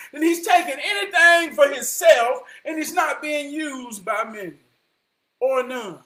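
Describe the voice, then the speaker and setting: A man delivering an impassioned motivational monologue, preaching his point and often rising to a shout. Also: extremely high pitch, measured pace. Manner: preachy, repeats "I promise you", rises to shouting. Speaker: vlogger giving life advice.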